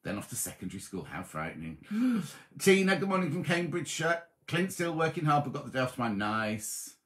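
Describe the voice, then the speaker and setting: A middle-aged man chats on a live stream, reading viewers' comments aloud and greeting each of them by name. His pitch rises and falls a lot. The tone is casual and friendly. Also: very animated, brisk, a bit bright.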